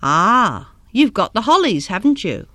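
A woman's voice: medium pitch, big pitch swings, measured pace, sharp tone, dry recording, exaggerated voice. A woman voicing an elderly male seedsman who talks in a folksy, knowing way.

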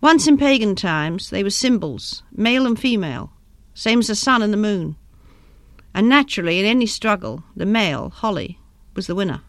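A woman's voice: mid-range voice, expressive, moderate pace, dry recording, lightly acted. A woman voicing an elderly male seedsman who talks in a folksy, knowing way.

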